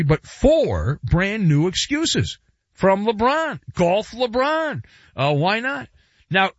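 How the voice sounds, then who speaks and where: A sports radio host riffing sarcastically, his fairly high voice swooping up and down with mock drama. The sound is dry and a bit dull, close on a studio mic. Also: a bit bright, no room sound. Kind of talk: casual sports talk radio monologue.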